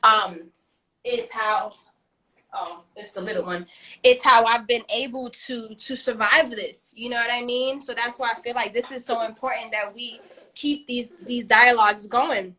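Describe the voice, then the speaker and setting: A woman co-hosting a casual chat, animated and frank, swearing freely and laughing often. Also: a little high, a little slow. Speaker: podcast co-host.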